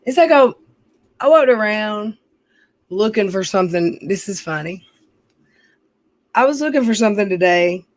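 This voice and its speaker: A woman's voice: mid-range voice, animated, normal speed, long pauses. Rambling middle-aged woman streamer. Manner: rambling, profane, venting. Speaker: livestreamer reading chat. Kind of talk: casual livestream chat.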